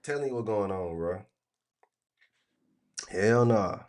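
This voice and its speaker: A man hosting a livestream, talking in a blunt, crude, animated rant full of profanity. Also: lowish voice, slow pace. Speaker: trading stream host.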